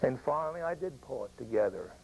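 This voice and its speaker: An older American man, a veteran, telling an emotional personal war story with halting pauses. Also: medium pitch, animated, vocal fry, a little mellow, a little hiss or hum, low-quality recording. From United States. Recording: old radio broadcast recording.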